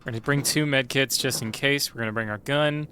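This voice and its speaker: Guy streaming a game, chatty and sweary, bright cutting voice, normal pitch. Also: a little fast, slight background noise. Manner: chatty, swears freely, mutters to himself. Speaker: streamer and voice actor. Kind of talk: casual live-stream chat while gaming.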